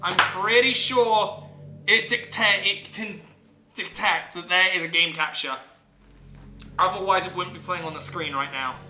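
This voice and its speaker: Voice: medium pitch, a little slow, pushed and bright, a little hiss or hum. A streamer giving joking live commentary on a visual novel and talking to the chat from a home streaming setup. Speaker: game streamer. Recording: roomy with game music behind.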